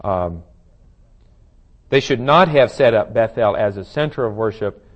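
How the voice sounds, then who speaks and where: A man's voice: on the low side, animated, a little slow, highs cut off. A man leading a Bible study, explaining scripture in a conversational way, thinking aloud with fillers and restarts. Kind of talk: verse-by-verse Bible study teaching.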